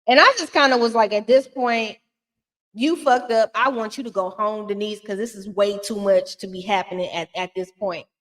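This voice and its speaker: A sassy woman recapping a reality show in loose, casual commentary. She talks bluntly and swears freely, at a middling pitch. Her voice carries a long reverb from the room. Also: fairly quick, hardly any pauses, fairly bright tone.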